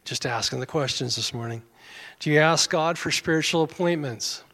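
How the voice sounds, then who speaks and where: A male pastor delivering a sermon in a relaxed, folksy manner, slipping in wry jokes at his own expense. His voice sits a little high for a man. The sound rings with the long reverb of a church sanctuary. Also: moderate pace, creaky. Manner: folksy, conversational, self-deprecating humor.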